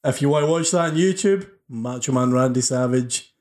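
A man's voice: medium pitch, moderate pace, a little mellow. A man hosting a wrestling podcast, chatting casually and joking and laughing often. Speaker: podcast host. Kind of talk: casual chat.

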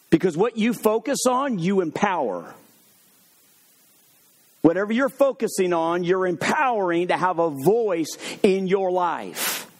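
A male preacher whose voice sits a bit high for a man. He jumps from quick, joking stories to slow, heavy points, dropping low for emphasis. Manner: lively, humorous storytelling with sudden drops to slow emphatic points. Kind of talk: sermon.

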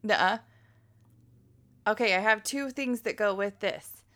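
A woman co-hosting a casual podcast chat, excitable and quick to laugh, swearing freely as she talks. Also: medium pitch. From Colorado, USA. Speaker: podcast co-host.

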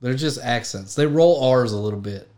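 A man's voice: medium pitch, moderate pace, a little mellow, slight background noise. Easygoing man who jokes and laughs easily. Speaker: podcast guest. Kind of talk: casual chat.

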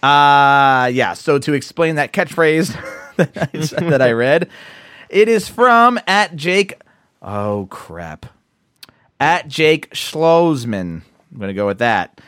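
Podcast co-host, man, New Jersey accent, talkative and loose, slightly high, dry recording. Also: expressive, slow pace, a bit bright, clean tone, no echo. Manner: chatty, laughs while telling stories. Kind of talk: casual podcast chat.

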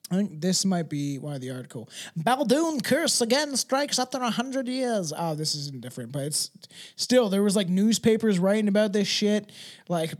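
A man's voice: high-pitched, a little mellow. A man co-hosting a podcast in casual chat, rambling and profane, laughing easily and dropping into a mumble. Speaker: podcast co-host.

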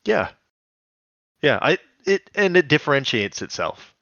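A man's voice: fairly high pitch, sing-song, unhurried, gravelly, fairly bright tone, no echo, dull audio. A man co-hosting a podcast in casual chat, rambling and giggly. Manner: rambling, giggly, puts on jokey quotes. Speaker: podcast co-host.

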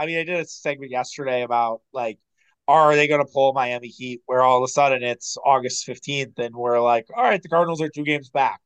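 A man co-hosting a casual sports podcast, opinionated and animated, with quick asides and some swearing. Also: medium pitch, clear, resonant tone, low-quality recording. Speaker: podcast co-host.

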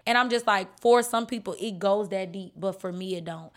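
A woman's voice: medium pitch, moderate pace, few pauses. Woman co-host, emphatic and repetitive in casual faith chat. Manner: emphatic, repeats points. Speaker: podcast co-host.

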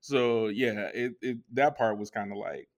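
A man's voice: fairly low pitch, fairly even intonation, measured pace. A man co-hosting a casual podcast chat, frank and rambling with many restarts. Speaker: podcast co-host. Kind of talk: casual chat reviewing a TV series.

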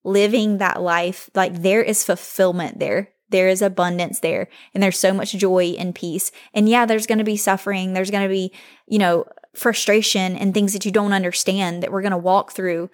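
A woman's voice: mid-range voice, steady tone, normal speed. A young woman hosting her own podcast, talking to listeners in an earnest, heartfelt way about faith. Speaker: podcast host. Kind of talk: solo podcast talk.

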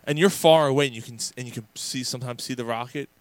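A man in a casual sports chat, telling stories with lots of energy, swearing freely and often restarting his sentences. His voice sits at a middling pitch. The recording is close and dry, with no room sound. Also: quick pace, no room sound. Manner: animated storyteller, profane, many restarts. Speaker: podcast co-host.

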